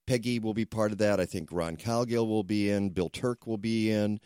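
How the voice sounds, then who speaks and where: A man's voice: fairly low pitch, steady tone, normal speed, a little mellow, clear, resonant tone, dry recording, studio quality. A man hosting a radio talk show, chatting loosely with restarts and asides.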